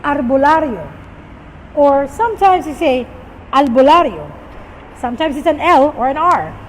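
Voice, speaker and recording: A high-pitched woman gives a patient vocabulary lesson and repeats each word for listeners to echo. Her voice has a long reverb tail, with faint vehicle noise behind it. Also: animated, moderate pace. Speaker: storytelling teacher. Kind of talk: teaching vocabulary to viewers.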